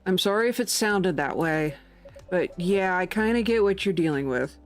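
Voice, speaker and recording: A woman streamer giving casual gameplay commentary, excitable and quick to laugh, with drawn-out exclamations. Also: on the low side, faint music behind.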